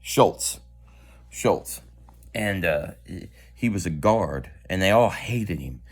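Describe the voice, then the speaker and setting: A man with a very low, deep voice recounts a personal story in a blunt, unfiltered, conversational way. He swears freely and keeps checking in with his listener as he goes. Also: animated, unhurried, husky. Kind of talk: personal anecdote.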